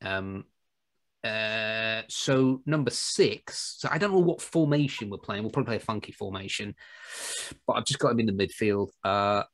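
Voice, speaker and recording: A man's voice: lowish voice, moderate pace, fairly bright tone. A man co-hosting a podcast, rambling and joking in casual chat with frequent laughs. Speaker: podcast co-host.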